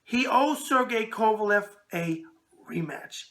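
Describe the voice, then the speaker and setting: A raspy-voiced man with a New York accent hosting a show, bantering in a brash wise-guy way. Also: high-pitched, expressive, slow pace, sharp tone. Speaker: host. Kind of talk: casual call-in talk show.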